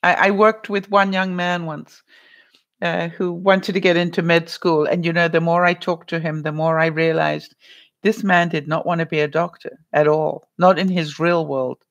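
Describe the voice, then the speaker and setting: A woman's voice: fairly low pitch, little pitch movement, moderate pace, muffled recording. A middle-aged woman vlogger giving earnest, casual advice to viewers. She often restarts her sentences and says "you know".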